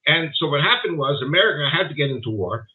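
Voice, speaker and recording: A man being interviewed remotely as a guest commentator argues his case emphatically, drifting from one point to the next in a digressive, storytelling way. His voice is fairly high, animated and quick, coming through a tinny, phone-like line.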